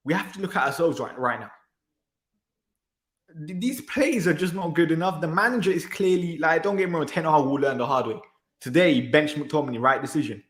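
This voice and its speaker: A man's voice: fairly high pitch, brisk, a bit bright. A man hosting a football reaction channel, ranting in exasperation with sighs and repeated phrases. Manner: exasperated, repetitive, sighing. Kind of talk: frustrated match reaction rant. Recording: echoey room.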